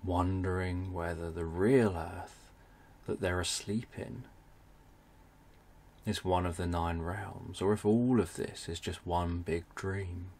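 A man narrating a bedtime story for adults, speaking in a soft, soothing way. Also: low-pitched, fairly even intonation, slow pace.

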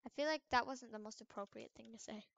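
A young woman giving casual commentary over a game she is playing, swinging between loud trash talk and quiet mumbled asides. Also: fairly high pitch, quick pace, highs cut off. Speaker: gaming video creator.

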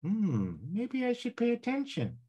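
A man's voice: very high voice, huge pitch swings, a little slow, warm tone, lo-fi sound, pitched above the performer's own voice, exaggerated voice. A man voicing his own doubting subconscious, answering back in sneering, disbelieving retorts. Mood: doubtful. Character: doubting inner subconscious voice, mocking and squeaky.

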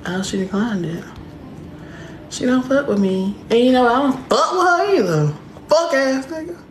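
A woman's voice: fairly high pitch, lively intonation, moderate pace. A woman with a Southern US accent, talking on a video call in a sassy, mock-pious and profane way. Her voice rings in an echoey room, and faint background noise sits under it. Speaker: prankster in random video chats. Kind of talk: in-character trolling chat.

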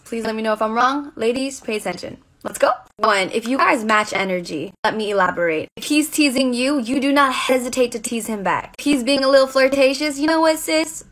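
A woman's voice: on the high side, a bit bright, no echo. A young woman giving casual dating advice straight to camera, sassy and direct, calling her listeners sis.

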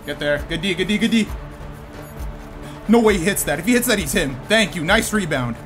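A man giving lively commentary over his own basketball video game match, talking to himself and his viewers and breaking into sudden shouts. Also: high voice, fairly quick, soft background music. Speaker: gaming YouTuber. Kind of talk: live gameplay commentary.

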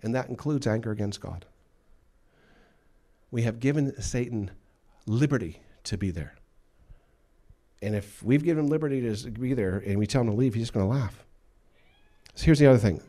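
A man's voice: fairly low pitch, expressive, fairly quick, warm tone. A male pastor delivering a sermon with emphatic delivery, acting out the voices he quotes. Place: church.

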